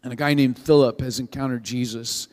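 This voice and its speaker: A male pastor giving a sermon to his congregation in a conversational, animated way, with frequent restarts. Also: mid-range voice, fairly quick. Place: church sanctuary with a live congregation. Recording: long hall reverb.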